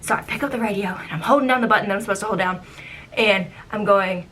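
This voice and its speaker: A young woman in her twenties casually telling stories from her old job as a theme park ride guide, chatty and animated, acting out how she reacted back then. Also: medium pitch, fast talker, a little hiss or hum. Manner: animated, acts out her own past reactions; chatty, with frequent "like" and "um". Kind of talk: casual storytelling vlog.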